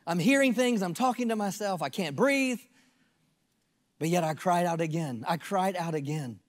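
A man in his fifties, a pastor giving his testimony as a sermon, preaching with passion and lots of repetition, swinging between loud and hushed. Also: high-pitched, lively intonation, moderate pace, in a large hall. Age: 50s.

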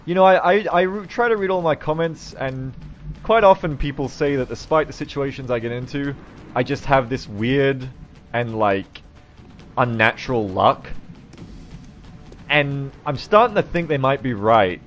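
A man giving live gameplay commentary, excitable, swearing often and shouting at the game. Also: medium pitch, moderate pace, soft background music. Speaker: game streamer.

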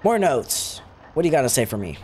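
A man's voice: mid-range voice, sing-song, fairly quick, noisy background. Jumpy, swearing young gamer guy. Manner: jumpy, swears a lot, talks back to the game. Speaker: gaming video creator. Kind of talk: live reactions while playing a horror game.

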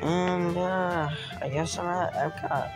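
Excitable guy narrating a plush skit, slow drawl, kinda highish voice, music going behind. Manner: excitable, bursts into whoops and cheers. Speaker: plush video maker.

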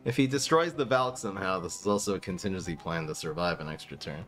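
A man streaming a card game live, commenting excitedly with frequent laughs and joking at his own mistakes while talking to his chat. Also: deep voice, fast, soft background music. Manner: excitable, laughing, self-mocking, talks to chat.

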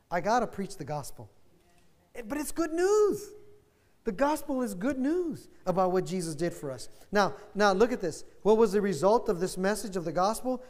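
A male pastor preaching a fervent sermon, dropping to low asides and rising to excited bursts. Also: big-room sound. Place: church sanctuary.

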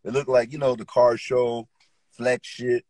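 A middle-aged man, a guest on a talk show, telling a story in an animated, profane way with lots of quick restarts. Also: medium pitch, rough recording. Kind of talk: casual storytelling chat.

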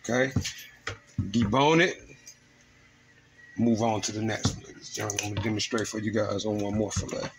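With a fairly low voice and a brisk pace broken by long pauses, a fishing show host teaches viewers to fillet fish one step at a time in his home kitchen. It's a cooking demonstration, and background noise is audible.

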